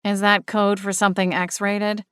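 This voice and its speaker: A woman's voice: mid-range voice, flat delivery, unhurried, a bit bright, clear, resonant tone, dry recording, natural voice. A woman voicing a sardonic male ghost cat with a dry manner. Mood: sly.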